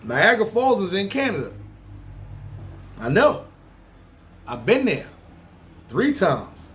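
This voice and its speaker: Male podcast host, NYC accent, slightly high voice, loose profane street monologue. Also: slow, slight background noise. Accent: New York City. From New York City. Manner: animated, profane street talk. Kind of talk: casual monologue ranking places.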